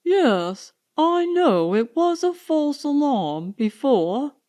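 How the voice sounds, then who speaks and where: A man's voice: extremely high pitch, sing-song, slow, a little mellow, pitched above the performer's own voice, full character voice. Woman voicing an exasperated, commanding young man.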